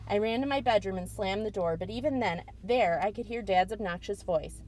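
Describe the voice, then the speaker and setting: A teacher, a woman, narrating a chapter book aloud for her students with expressive storytelling. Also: mid-range voice, a little fast, hardly any pauses, low-quality recording.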